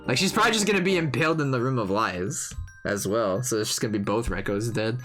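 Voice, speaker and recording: A woman's voice: extremely low pitch, animated, fast talker, fairly bright tone, faint music behind. A woman streamer chatting casually while reading a story game aloud. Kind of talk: casual gameplay commentary.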